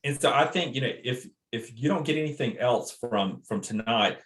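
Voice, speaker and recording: Man, co-host, polite composed storyteller, medium pitch, echoey room, video call. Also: normal speed, a bit bright. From southern United States. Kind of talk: casual chat. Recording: roomy echo.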